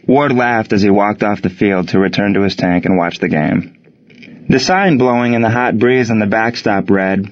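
A man reading a story aloud in a steady, measured narration. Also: fairly low pitch, highs cut off. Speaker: audiobook narrator.

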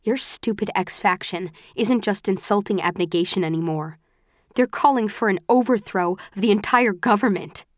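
Fiery defiant young woman, read by a woman, punchy emphatic lines, medium pitch. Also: moderate pace, no room sound, studio quality, lightly acted. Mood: heated. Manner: heated, emphatic outbursts. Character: fierce young woman, defiant, quick to anger. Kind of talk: audiobook character voice.

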